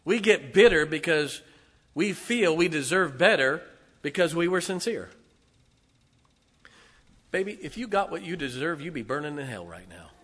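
Bright-voiced preacher in an echoey hall. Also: male voice, fairly high pitch, slightly rough. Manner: emphatic, swings from loud to hushed. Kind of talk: sermon. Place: church.

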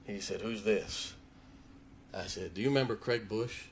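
A man preaching, telling a personal story with emotion and dropping his voice low in tender moments. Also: quick pace, gravelly, slight background noise. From Ohio. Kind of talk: sermon storytelling.

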